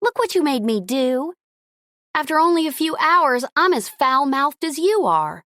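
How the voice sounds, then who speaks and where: A woman's voice: fairly high pitch, animated, moderate pace, fairly bright tone, dry recording, clean studio sound, voice pushed up. A woman voicing a prim young woman with a fiery temper. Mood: flustered. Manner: indignant, flustered.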